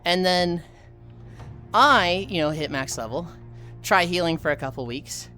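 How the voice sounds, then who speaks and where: A woman streamer telling a casual, animated story with lots of swearing, acting out the other people's voices. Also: lowish voice, a little slow, faint music behind. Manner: animated, profane, acts out voices.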